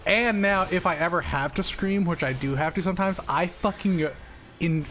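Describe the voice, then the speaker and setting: A man streaming games, chatting casually with friends on a call, loud and animated, swearing freely. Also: sits high, normal speed, a little hiss or hum. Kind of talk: casual chat while gaming.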